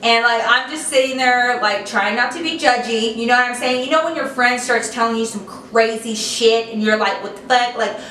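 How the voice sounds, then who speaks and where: A woman's voice: a little high, normal speed, few pauses, bright, forceful tone. A young woman vlogger telling a story in a casual, chatty way, filling her talk with "like.". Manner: chatty, heavy use of "like". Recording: echoey room from a distance.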